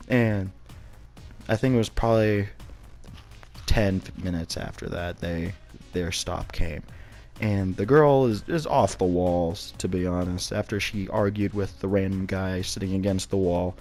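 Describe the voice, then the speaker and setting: A man's voice: deep voice, fairly even intonation, measured pace, a little mellow, faint music behind. A young man casually telling a personal story, rambling with many restarts and some swearing.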